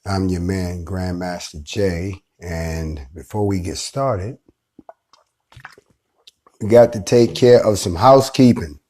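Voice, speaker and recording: A man with a fairly low voice hosts a live online show. He delivers a defiant, preacher-like monologue. He often drops slow and quiet, then builds to loud, forceful declarations. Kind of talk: impassioned live-stream monologue.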